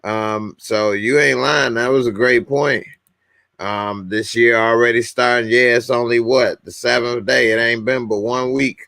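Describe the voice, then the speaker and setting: A man's voice: mid-range voice, fairly even intonation, a little slow, vocal fry, sharp tone, no room sound, studio quality. A man hosting a casual livestream, bluntly commenting and reading viewers' comments aloud. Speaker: livestream host.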